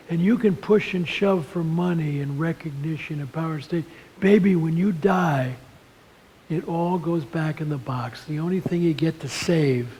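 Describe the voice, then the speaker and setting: A man speaks at a seminary lunch seminar, spinning folksy, animated stories about faith and life. His voice sits a little on the high side for a man. A faint hiss runs under the recording. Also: low-quality recording. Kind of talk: storytelling talk on leadership and faith.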